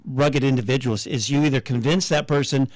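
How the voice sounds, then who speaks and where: Male radio co-host, wry jokes into pointed argument; dry studio mic, mid-pitched voice. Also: fairly even intonation, fast talker, no echo. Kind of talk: casual radio talk and commentary.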